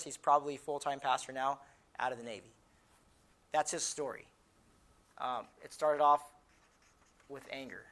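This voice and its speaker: A man's voice: medium pitch, a bit bright. A male military chaplain telling a personal story at a family training session, conversational, acting out quoted dialogue with many restarts. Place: lodge conference room.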